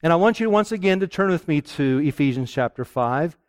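Folksy, high-voiced male preacher. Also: fairly quick, no echo, studio quality. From Pennsylvania. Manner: folksy, animated, asks the audience questions. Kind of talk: sermon.

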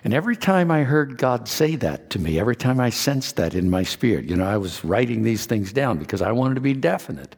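A man from Kentucky preaching a sermon, telling a personal story in an earnest, confessional way with soft asides. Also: medium pitch, sing-song, fairly quick, vocal fry, few pauses, slightly rough, in a large hall. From Kentucky, USA.

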